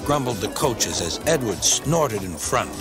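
A man narrating a children's storybook in a lively, animated way. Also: lowish voice, measured pace. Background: music.

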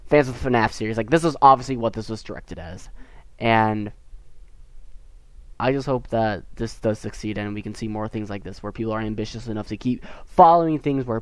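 Here the same kind of speaker, an American teen boy who makes gaming videos on YouTube, chats loosely about a short film, laughing, restarting and filling gaps as he goes. The voice sits mid-range, and there's no echo.

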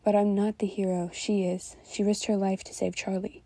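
An anxious, devoted young man pleads softly and urgently in a storybook scene, as a woman reads him out. His voice is warm and mellow with a breathy edge. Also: mid-range voice, flat delivery, moderate pace, dry recording, lightly acted. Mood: pleading.

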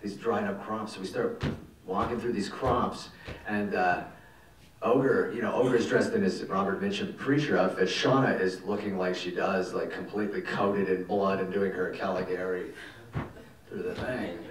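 A man, a film director telling stories at a festival Q&A, animated and rambling and swearing casually. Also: sits low, moderate pace, a little hiss or hum. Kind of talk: festival Q&A storytelling. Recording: echoey hall, mic from far off.

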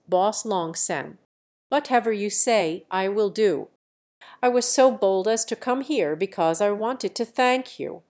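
A woman voicing a humble elderly male archer clan elder in a web novel audiobook, read in an even, unhurried way. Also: medium pitch.

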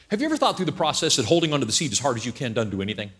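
A man's voice: mid-range voice, very fast, few pauses. A male pastor preaching a humorous sermon at a church service, acting out scenes and joking as he goes. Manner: animated storyteller who acts out scenes and jokes.

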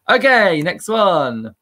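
A man's voice: high voice, pushed and bright. A man hosting a live-streamed quiz, upbeat and chatty and laughing at himself. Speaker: quiz host.

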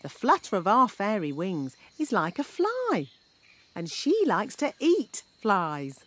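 A bossy fairy nanny. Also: female voice, medium pitch, huge pitch swings, takes it slowly, fairly bright tone, exaggerated voice. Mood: instructive. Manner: bossy, lecturing, rudely frank. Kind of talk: cartoon voice acting.

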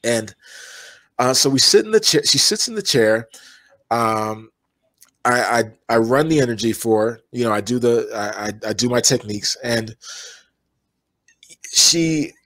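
A man who works as an energy healer, telling long stories in a relaxed interview with many fillers and restarts. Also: medium pitch, measured pace, pauses often, no room sound.

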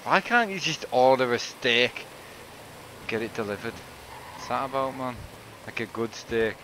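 A man's voice: medium pitch, animated, a little slow. British man, gaming banter, swears a lot, faint hiss behind. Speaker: gamer. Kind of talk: casual gaming chat.

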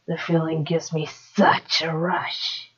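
A woman voicing a gloating male dream demon who has taken over a boy, mocking and slow with cruel laughs, on a dull lo-fi recording. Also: low voice, little pitch movement, crowd noise.

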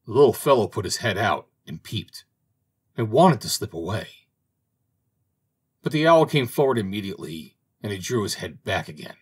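A man reading a fairy tale aloud as an audiobook narrator, in an expressive, dramatic way. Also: on the low side, moderate pace, breathy edge. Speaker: audiobook reader. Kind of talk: storybook narration.

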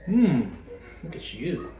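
A man's voice: on the high side, very animated, slow pace, mellow. A man talking to his twin babies while he feeds them, switching between casual remarks and playful sing-song baby talk. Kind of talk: casual home vlog narration. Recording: echoey room with clear crowd chatter.

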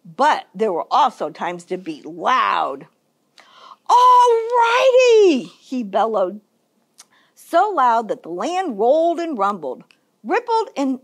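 Reading a picture book aloud for story time, a woman children's librarian speaks at a fairly high pitch. Her manner is expressive and sing-song.

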